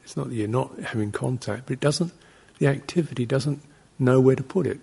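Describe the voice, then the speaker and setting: Gravelly, husky-voiced monk giving a dharma talk. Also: male voice, medium pitch, a little fast. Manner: anecdotal and digressive, with soft laughs and short acted-out exclamations. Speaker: Buddhist monk teaching meditation.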